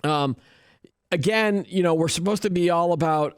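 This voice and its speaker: A man with a smooth, resonant voice hosts a tech news show. He talks in a loose, joking way, restarting his sentences as he goes. The sound is close and dry, with no room echo. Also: fairly high pitch, normal speed. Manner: chatty and joking, with many restarts. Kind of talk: casual tech news chat.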